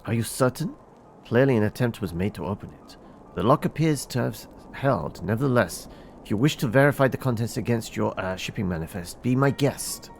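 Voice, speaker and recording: A man voicing a stern, duty-bound male official in a fantasy game, reading in a formal, stiff way with halting restarts. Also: mid-range voice, lively intonation, gravelly, soft background music.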